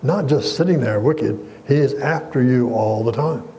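A man's voice: mid-range voice, moderate pace, mellow, a little hiss or hum, poor audio. A man preaching a sermon as pastor, earnest and emphatic, quoting scripture and asking the congregation questions.

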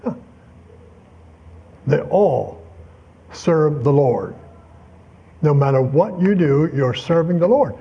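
A man's voice: on the high side, slightly rough, muffled recording. An older man teaching a Bible lesson in a folksy, conversational way, full of asides and personal anecdotes. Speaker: preacher.

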